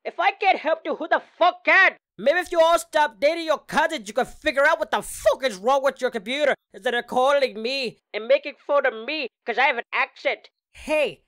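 A man performing an enraged tech support agent with a put-on Indian accent, voice pitched well above a usual male range. He rants and insults without stopping, bitter and indignant. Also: pushed and bright, heavily acted. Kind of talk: comedic impression skit.

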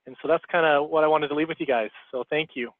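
A man's voice: a little high, fairly even intonation, fast, dry recording. A man giving a motivational talk as a guest speaker on a team call, coaching his listeners and checking in with "okay?". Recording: tinny phone line.

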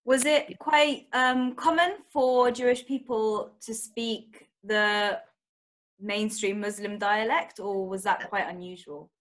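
A woman's voice: medium pitch, steady tone, slow. A woman interviewing a guest at an online event, putting short follow-up questions. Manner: brief, probing follow-up questions.

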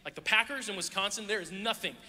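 Male preacher, sermon delivery, very bright tone, playful storytelling with voices, echoey hall. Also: sits high, quick pace. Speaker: youth pastor. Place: church hall with audience.

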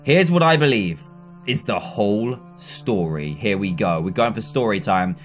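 A young man giving excitable let's play commentary, reading game dialogue aloud and laughing along. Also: fairly low pitch, unhurried, soft background music. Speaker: gaming video host.

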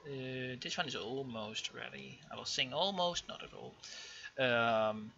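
A young man giving casual, rambling commentary over a strategy game, full of ums and self-corrections, with excitable outbursts. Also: medium pitch, a little slow, gravelly, a little hiss or hum. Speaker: gaming channel host. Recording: dull lo-fi home mic.

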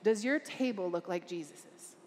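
A woman's voice: mid-range voice, measured pace, darkish tone. An earnest woman preaches to a gathered crowd, her voice carrying with a long echo through a large hall. She speaks with emphatic conviction, turning questions out to her listeners, over a faint hum of room ambience. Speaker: conference speaker. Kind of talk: preaching a talk.

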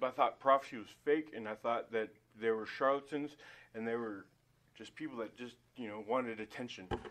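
Man, mid-pitched, halting emotional church testimony, noisy room recording. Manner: halting, emotional, many fillers and restarts. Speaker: church member giving testimony. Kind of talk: personal testimony at Sunday school. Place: church Sunday school room.

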